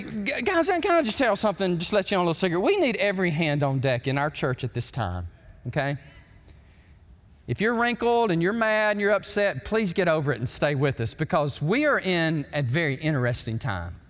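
A male pastor, preaching an emphatic, animated sermon in a church sanctuary. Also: high voice, fairly quick. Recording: long hall reverb.

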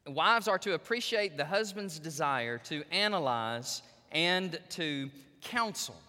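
Male pastor, sermon delivery, bright lively high voice, long hall reverb. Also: slow. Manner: animated storytelling, addresses the women in the audience directly.

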